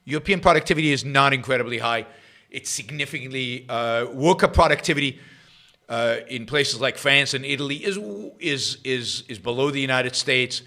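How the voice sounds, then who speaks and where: A middle-aged man hosting his own show, giving sarcastic political commentary that swings between loud jabs and muttered asides. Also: medium pitch, moderate pace. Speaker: podcast host.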